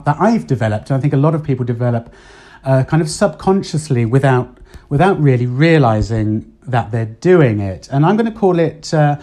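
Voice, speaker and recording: A man talks through his podcast in a casual, rambling way, often pausing on ums and uhs while he gathers his thoughts. His voice is mellow and soft-edged, sitting at an ordinary pitch for a man. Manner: chatty, thinks aloud with many ums and uhs. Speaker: podcast host. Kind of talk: casual solo podcast talk. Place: Spain.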